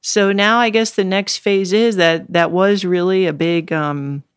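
A woman's voice: fairly low pitch, measured pace, clean tone, dry recording, clean studio sound. A middle-aged woman in a casual interview, talking in an earnest, reflective way and now and then laughing or getting choked up. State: choked up at times. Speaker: interview guest.

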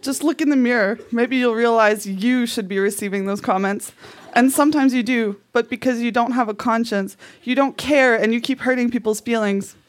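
Woman reading angry letters on stage, slightly high. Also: normal speed. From Canada. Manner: indignant schoolgirl outrage read with comic emphasis. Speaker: reader of her own childhood letters. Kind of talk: reading aloud on stage at a live show. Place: live theatre stage.

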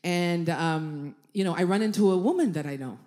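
A comedian with a lowish voice tells a comic story stand-up style at normal speed. She's animated and swears, laughing through her lines while acting out the people in the story.

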